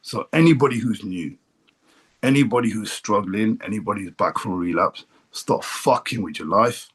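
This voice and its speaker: A man's voice: fairly low pitch, moderate pace, breathy edge. A middle-aged man from England giving a blunt, emotional personal share at a recovery meeting, swearing freely. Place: meeting room.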